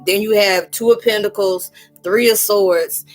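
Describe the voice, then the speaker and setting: A woman gives a casual tarot reading on a livestream, talking in loose, rambling runs. She often slips into quoted voices as she talks, with her pitch sitting in a middle range. Soft music plays faintly beneath her. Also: steady tone, measured pace. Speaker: spiritual tarot reader hosting a live chat.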